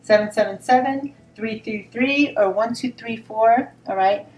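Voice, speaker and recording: A woman giving a spoken tarot reading in a gentle, reassuring tone, often repeating words and asking "all right?". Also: a little high, unhurried. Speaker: tarot reader. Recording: roomy sound from a distance, faint noise.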